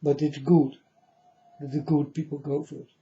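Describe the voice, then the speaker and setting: A man giving a mournful prophetic warning monologue, slowly speaking straight to his listeners and calling them folks. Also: on the high side, little pitch movement, dark tone. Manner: slow, mournful, repeatedly addresses listeners as folks. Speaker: self-styled prophet. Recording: dull lo-fi audio.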